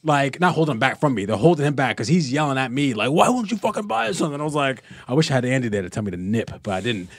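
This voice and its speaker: A man at a medium pitch tells a story with animated energy, acting out the people in it. The recording is dry and close, with no room echo. He chats as a podcast guest. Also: quick pace, hardly any pauses. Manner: animated anecdote-telling with laughs. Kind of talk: casual storytelling.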